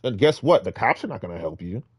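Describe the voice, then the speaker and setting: A man's voice: very animated, fast talker, husky, no echo. Rambling man preaching in a dry room. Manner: rambling, exhorting, with many restarts; swings between loud emphatic bursts and low muttering. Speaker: vlogger giving street-preaching advice. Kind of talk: casual preaching monologue.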